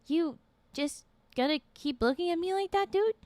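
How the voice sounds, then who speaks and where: A woman voicing a chatty young woman, high and dry. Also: normal speed, a little mellow, no room sound. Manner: chatty, turns bitter. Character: young woman, friendly, then betrayed and angry.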